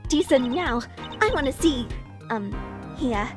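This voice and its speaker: A woman's voice: high-pitched, animated, unhurried. A woman doing a cheeky teen magician girl. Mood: playful. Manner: playful, teasing. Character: cheeky teenage girl stage magician, bubbly. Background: game music.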